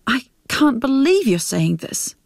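Woman doing a teary middle-aged mum, defensive and pleading, slow storybook read. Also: on the high side, very animated, vocal fry, no room sound, studio quality, voice pushed up, exaggerated voice. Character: tearful unfaithful middle-aged mother.

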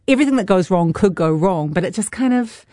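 A woman's voice: medium pitch, lively intonation, brisk, mellow, dry recording, studio quality. A woman reviewing films in casual radio chat, enthusiastic and gushing. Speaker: film reviewer.

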